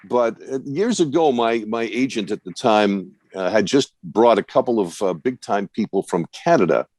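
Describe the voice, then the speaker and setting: Speaking at normal speed in a lowish voice with no echo, an older broadcast coach and guest speaker offers wry, confident advice. It's an online question-and-answer session over video call, and he tells lively stories.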